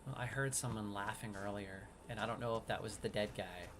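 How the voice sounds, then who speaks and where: A man giving casual gameplay commentary as a streamer, excitable, swinging from hushed sneaking talk to loud outbursts. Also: lowish voice, brisk, background noise. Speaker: gaming streamer.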